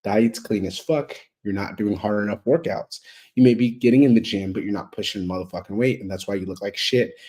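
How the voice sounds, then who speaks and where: A man's voice: fairly low pitch, brisk, a little mellow. A man delivering a blunt, heavily profane motivational monologue, hammering his points with repetitive emphatic build-ups. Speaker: motivational speaker.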